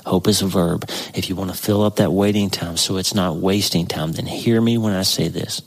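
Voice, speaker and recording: A man with a very low, gravelly voice talks through scripture for a devotional podcast. He is earnest and encouraging, slowing down to stress key words. There is a slight huskiness under his speech. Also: fairly even intonation, poor audio. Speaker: podcast host. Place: indoors by a window.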